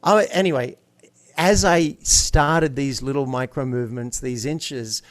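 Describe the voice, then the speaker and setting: A man's voice: medium pitch, a little slow, no room sound. A man guest in an interview, a coach talking casually and telling stories with upbeat energy.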